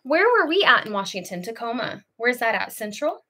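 Woman livestream host, bright voice, casual chat, laughs easily. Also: fairly high pitch, a little fast. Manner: chatty, laughs often, lively asides. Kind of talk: casual livestream chat, reading viewer comments. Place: home.

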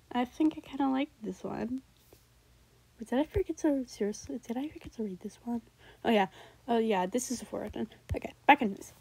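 A young woman reacting to her old raps in a casual, rambling way, switching between loud outbursts and mumbled asides. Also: high-pitched, vocal fry, dry recording, poor audio.

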